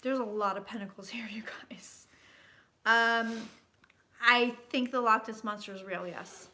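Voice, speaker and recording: A tipsy woman in her thirties reading tarot, chatting loudly and swearing as she tells stories. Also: on the high side, moderate pace. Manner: loud, sweary, excitable storyteller. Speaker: tarot reader and host. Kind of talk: casual tipsy chat.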